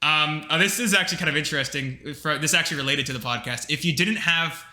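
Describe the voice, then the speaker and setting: Bright-voiced young man in an echoey room. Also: on the high side, quick pace. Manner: rambling storyteller, lots of fillers. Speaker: podcast co-host. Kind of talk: casual chat. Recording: roomy echo.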